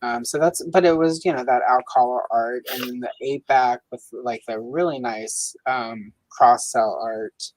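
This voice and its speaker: A woman hosting a coloring livestream in casual chat, talking with many fillers and lively swings in pitch. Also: a little slow, few pauses, slight background noise, low-quality recording. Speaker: livestream host.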